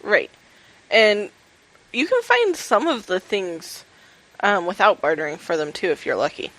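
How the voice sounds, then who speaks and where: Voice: mid-range voice, sing-song, measured pace, a bit bright, poor audio. A podcast co-host chatting casually and playfully about a game. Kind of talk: casual gaming podcast chat.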